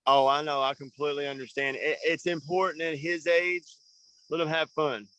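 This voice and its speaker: A man's voice: a little high, flat delivery, normal speed, a bit bright, low-quality recording. A man coaching young motocross riders, talking in an earnest, rambling way and often asking "you know what I mean.". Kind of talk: casual coaching talk.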